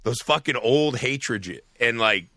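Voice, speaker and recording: A man's voice: medium pitch, takes it slowly, dry recording. A man co-hosting a podcast, chatting casually about a film and retelling its scenes with plenty of swearing. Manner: profane, animated scene retelling. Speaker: podcast co-host.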